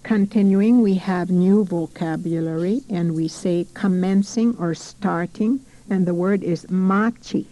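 A woman's voice: lowish voice, unhurried, few pauses, mellow, rough recording. A woman teaching a recorded language lesson, saying each word carefully and repeating it.

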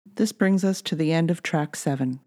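Low-voiced woman narrating a language lesson. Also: moderate pace. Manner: calm, clear teaching delivery. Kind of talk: scripted instructional narration.

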